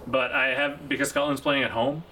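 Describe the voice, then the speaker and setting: A man's voice: extremely high pitch, huge pitch swings, normal speed, gravelly, pushed and bright, slight background noise, low-quality recording. A man co-hosting a casual sports podcast, easygoing and laid-back, often agreeing with the others. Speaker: podcast co-host.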